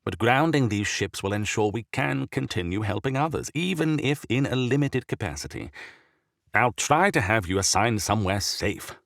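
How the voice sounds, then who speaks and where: Sickly old bishop, raspy and loud, slow heavy growl, put on by a male narrator; storybook reading, dry close sound. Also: fairly low pitch, animated, no room sound, pitched above the performer's own voice. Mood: grave, weary.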